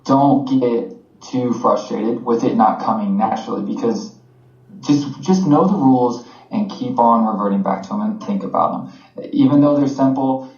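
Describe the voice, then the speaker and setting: An American man co-hosting a podcast, explaining things in a relaxed, conversational way. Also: mid-range voice, moderate pace. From United States. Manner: relaxed, conversational teaching with fillers. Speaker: podcast co-host. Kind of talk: casual explanatory chat. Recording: roomy, slightly dull podcast audio.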